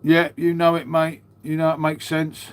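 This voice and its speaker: A middle-aged man chats casually with livestream viewers, calling them mate as he answers them. His clean-toned voice is on the high side, delivered in a monotone at moderate pace. He's chatty, matey, and leans on "mate" and "um".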